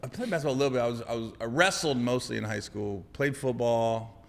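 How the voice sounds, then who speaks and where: A man's voice: medium pitch, fast, vocal fry, big-room sound. A man from Ohio, a comedian guest telling funny stories on a podcast and acting out the people in them. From Ohio, USA. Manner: animated, acts out people in the story. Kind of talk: comic storytelling on a podcast.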